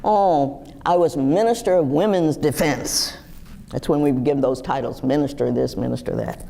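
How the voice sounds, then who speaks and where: A woman in her sixties telling personal stories to a live audience in a lively, animated way. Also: normal speed, gravelly. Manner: lively, animated storytelling with wide pitch swings. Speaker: guest speaker. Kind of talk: storytelling talk to a live audience.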